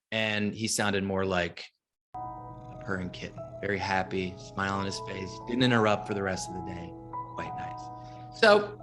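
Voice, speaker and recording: A man's voice: mid-range voice, fairly bright tone. A man presenting a marketing masterclass in an upbeat, chatty way, often putting questions to his listeners. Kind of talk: lively webinar teaching.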